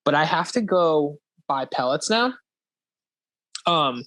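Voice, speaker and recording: A man's voice: on the high side, expressive, takes it slowly, fairly bright tone. A young man hosting a podcast, chatting casually and rambling with frequent swearing and laughter. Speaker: podcast host. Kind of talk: casual chat.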